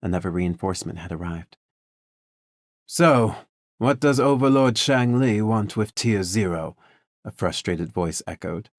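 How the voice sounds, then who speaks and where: A man reading a first-person story aloud in a measured, steady storytelling manner. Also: sits low, dry recording, clean studio sound. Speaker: audiobook narrator. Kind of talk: first-person scripted narration.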